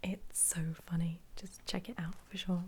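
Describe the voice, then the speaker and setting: A young woman, an ASMR creator, whispering casually about her favourite films, giggling often and pausing on ums. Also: lowish voice, flat delivery, slight background noise. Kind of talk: whispered ASMR film chat.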